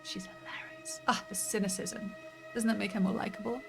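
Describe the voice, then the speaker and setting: A woman's voice: sits high, huge pitch swings, brisk, creaky. A woman streaming a story game, thinking aloud and chatting casually as she plays. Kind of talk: let's play commentary. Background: faint game music.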